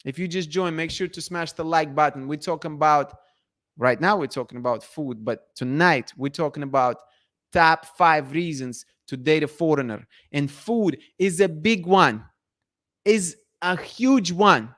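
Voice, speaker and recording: A man's voice: on the high side, measured pace, fairly bright tone. Emphatic man hosting a casual live chat. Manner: emphatic, repetitive, playful. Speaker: livestream host.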